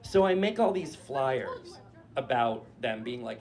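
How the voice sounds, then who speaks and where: A man in his forties from New Hampshire, telling a casual, profane and animated story on stage before a live audience. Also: medium pitch, measured pace.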